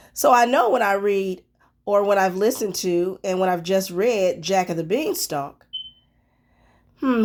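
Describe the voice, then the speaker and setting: A woman teacher reading a storybook aloud and then talking through it, expressive and pausing to think aloud. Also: mid-range voice.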